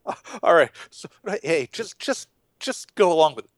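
A man, a pastor co-hosting a podcast, talking through a Bible passage in an animated way and acting out the people in it. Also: moderate pace, no room sound. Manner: animated, acts out voices with big swings in pitch.

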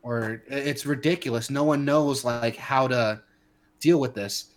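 A man co-hosting a casual podcast, his voice at an ordinary middle pitch. He rants heatedly, stumbling through restarts and fillers as he talks. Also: measured pace. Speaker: podcast co-host. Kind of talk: casual opinionated chat.

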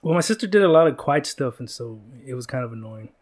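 A man's voice: medium pitch, lively intonation, fast talker. A man hosting a casual podcast chat, rambling and joking with many fillers and restarts. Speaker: podcast host.

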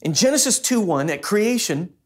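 A man's voice: high-pitched, animated, normal speed. Man, pastor, sermon, conversational storytelling tone.

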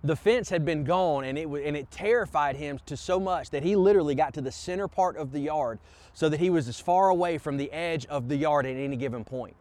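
A man's voice: fairly high pitch, fairly quick, darkish tone. A man preaching a sermon as pastor, impassioned and urging the congregation on. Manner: impassioned preaching, repeated "come on" calls to the congregation.

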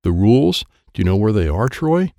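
A man's voice: sing-song, brisk, gravelly, warm tone, no room sound, clean studio sound. A man voicing a bossy, impatient young girl in a storybook reading, pushing everyone to hurry. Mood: curious. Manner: urgent, pushy, high-pitched. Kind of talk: storybook character voice.

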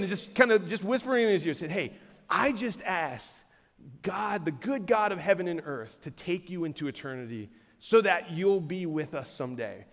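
A man preaches in a high voice, animated and conversational, breaking off for asides. His voice rings through a large church hall with a long reverb tail. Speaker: pastor. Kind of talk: sermon.

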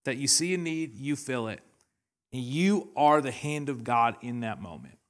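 In a sermon delivered in a church hall, a young adult pastor from Canada tells stories animatedly, laughing and acting out quotes. He uses a mid-range voice with lively intonation at normal speed.

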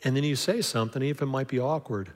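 A man's voice: medium pitch, very fast, in a large hall. A man preaching a sermon in a conversational way, acting out little dialogues and often restarting his sentences. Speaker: pastor.

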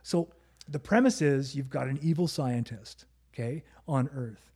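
A man's voice: medium pitch, measured pace, darkish tone, slightly rough. A man chatting casually on a podcast, telling a story with plenty of swearing and laughter. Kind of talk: casual chat.

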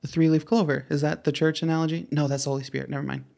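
A man's voice: fairly high pitch, little pitch movement, very fast, creaky, darkish tone. A man co-hosting a casual podcast, joking around playfully while explaining. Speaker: podcast co-host.

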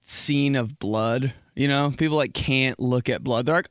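Young male podcast host, mid-pitch, rambling and crude, dry close-mic sound, casual solo monologue. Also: moderate pace, few pauses, dry recording. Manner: rambling, profane, jumps into loud impressions.

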